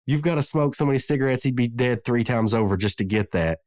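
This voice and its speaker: A man's voice: mid-range voice, fast talker, a little mellow, dry recording, studio quality, close to an everyday voice. A man voicing a smug male tobacco company president who warns his men, in a raised, cocky voice as he retells a cartoon scene. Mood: warning.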